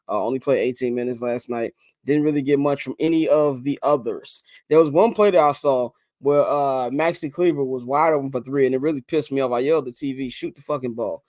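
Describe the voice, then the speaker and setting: Male podcast host, everyday mid-pitched voice, dry mic, loose and excitable. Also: dry recording. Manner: animated, fillers and restarts, leads the discussion. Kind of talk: casual sports talk.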